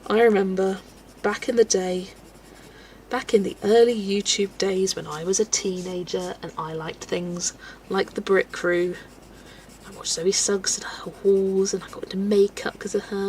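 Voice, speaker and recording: Woman, West Country accent, twenties, medium pitch, chatty, thinking aloud while colouring. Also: little pitch movement, a little slow, darkish tone, slight background noise, low-quality recording. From England. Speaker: colouring streamer. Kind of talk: casual live-stream chat while colouring.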